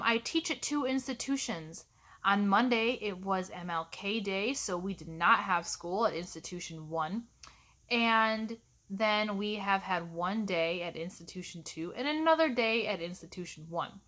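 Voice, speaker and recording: A woman's voice: medium pitch, pushed and bright. Snarky exasperated woman instructor. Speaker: college instructor. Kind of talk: ranting vlog to camera.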